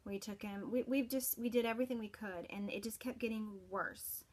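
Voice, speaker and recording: A middle-aged mother telling her story as a personal testimonial, earnest and halting, with frequent restarts. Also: on the high side. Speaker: parent giving a product testimonial.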